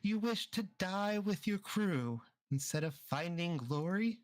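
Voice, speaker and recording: A man voicing an old woman fortune teller who speaks in slow, cryptic pronouncements over an online voice chat mic. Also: high voice, lively intonation, no room sound, voice pushed up.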